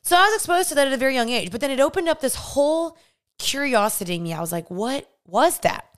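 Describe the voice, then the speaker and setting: A young woman hosting a podcast, telling her personal faith testimony in an animated way and acting out the voices she remembers. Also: high voice, fast talker, clear, resonant tone. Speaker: podcast host.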